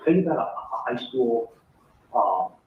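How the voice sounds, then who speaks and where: A man's voice: mid-range voice, expressive, measured pace. A man rambling in a recorded conversation, repeating himself with lots of fillers. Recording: tinny distant phone tap, roomy, faint hiss.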